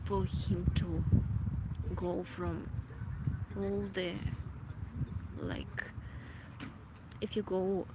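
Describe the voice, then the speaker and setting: A woman vlogging a reflective personal monologue, emotional and halting, often restarting as she searches for words. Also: fairly low pitch, big pitch swings. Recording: loud background noise.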